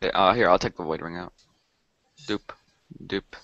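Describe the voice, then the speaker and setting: A man's voice: sits low, moderate pace, a bit bright, no room sound, dull audio. A man with a Texan accent chatting casually with a friend while playing a game over a voice call, laid-back and mumbling. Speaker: co-player.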